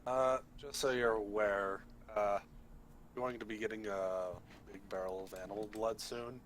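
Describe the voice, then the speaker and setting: A man playing in a tabletop role-playing game, talking haltingly and thinking aloud with many pauses. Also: on the low side, steady tone, slight background noise. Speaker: player.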